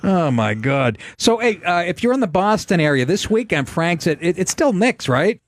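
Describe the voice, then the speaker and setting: Animated male podcast host. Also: high voice, moderate pace, no echo. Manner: animated storyteller, profane, laughs often. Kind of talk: casual chat.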